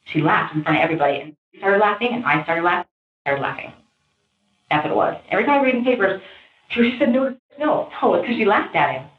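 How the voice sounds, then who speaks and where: A woman in a police interview, animated, her speech pressured and rushed. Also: lowish voice. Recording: tinny, echoey interview room audio.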